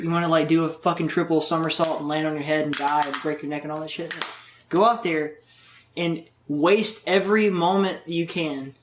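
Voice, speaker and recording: A man with a somewhat high voice, talking casually as a guest on a podcast. He swears freely and rambles from one story to the next. The recording carries a noticeable roomy echo. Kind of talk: casual interview chat.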